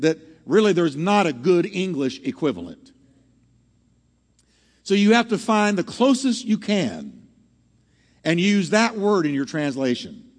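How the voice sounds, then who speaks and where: Lively male pastor in a reverberant hall. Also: sits high. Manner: animated, asks the audience questions. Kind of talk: sermon teaching to a congregation. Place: church hall with live audience.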